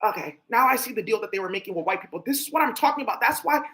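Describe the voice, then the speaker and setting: A woman's voice: on the high side, animated, very fast, a bit bright. A woman vlogger talking to camera in a rambling, emphatic monologue full of swearing.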